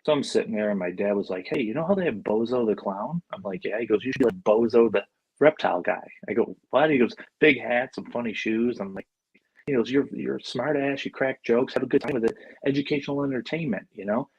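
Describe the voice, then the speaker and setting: A man's voice: medium pitch, brisk, breathy edge, dry recording, dull audio. A man in his forties from Buffalo, a podcast guest telling stories casually and acting out the voices of the people he quotes. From Buffalo, New York. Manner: animated, acts out quoted voices. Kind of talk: casual storytelling.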